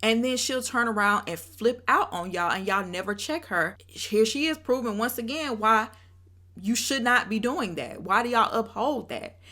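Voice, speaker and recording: Young woman, bright tone, opinionated video host ranting to camera. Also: on the high side, moderate pace. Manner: opinionated, animated, addresses viewers directly. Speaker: reality TV reviewer, channel host. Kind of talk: casual commentary rant.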